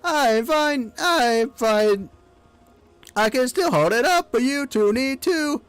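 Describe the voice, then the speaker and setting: A man voicing a loyal robot girl in a game playthrough, in a high, strained, urgent voice. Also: expressive, takes it slowly, a bit bright, smooth, no echo, soft background music, heavily acted.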